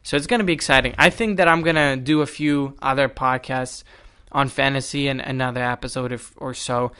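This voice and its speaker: A young man hosting a solo podcast, telling stories in an animated, exasperated way. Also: mid-range voice, brisk, smooth. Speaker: podcast host.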